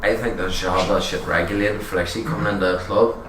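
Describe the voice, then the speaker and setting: Deep-voiced man, far from mic. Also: fairly even intonation, quick pace. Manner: storytelling, swearing, laughing mid-story. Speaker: podcast guest. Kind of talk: casual chat. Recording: echoey room, far from mic, noisy.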